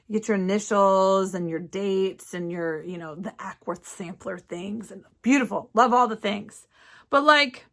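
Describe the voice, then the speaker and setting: Chatty excitable lady, kinda high voice, bright and sharp. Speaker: cross-stitch vlogger. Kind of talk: casual chat to camera. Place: home craft studio.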